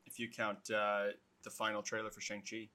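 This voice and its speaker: A man co-hosting a casual chat, relaxed and blunt, with casual swearing. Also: lowish voice, normal speed.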